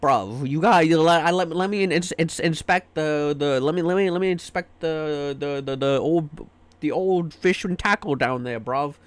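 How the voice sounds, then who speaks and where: A man's voice: fairly high pitch, normal speed, no echo, close to an everyday voice. A man putting on a clumsy British accent to play a pushy British official checking IDs, stumbling over his words. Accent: put-on British.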